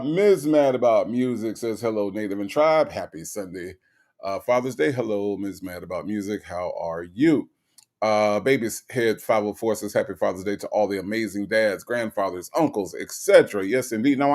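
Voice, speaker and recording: Animated, ranting male livestream host. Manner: animated, swings high in pitch when ranting, profane; reads chat comments aloud and greets viewers. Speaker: livestream host reading chat. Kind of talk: casual livestream chat.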